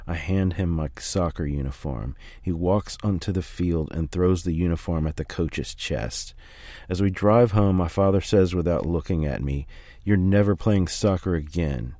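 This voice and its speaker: A man reading a first-person memoir aloud in a steady, measured way. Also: low voice, no room sound, clean studio sound. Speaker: audiobook reader.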